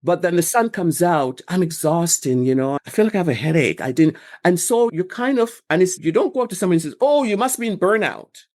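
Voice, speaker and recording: A woman guest speaking about workplace burnout in a rambling, animated way, acting out quoted examples. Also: fairly low pitch, fairly quick, hardly any pauses. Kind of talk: conversational interview answers.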